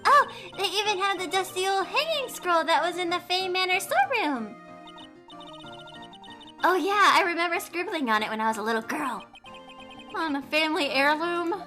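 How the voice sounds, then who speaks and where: A woman's voice: very high-pitched, animated, normal speed, sharp tone, soft background music, pitched above the performer's own voice, heavily acted. A woman voicing a cheerful, playful young woman with a bubbly way of talking.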